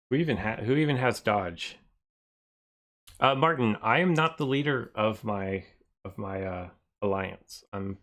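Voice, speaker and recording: Male streamer, unhurried, lowish voice, rambling and thinking out loud to chat. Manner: rambling, thinks aloud, often trails off quieter. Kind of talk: casual live-stream chat.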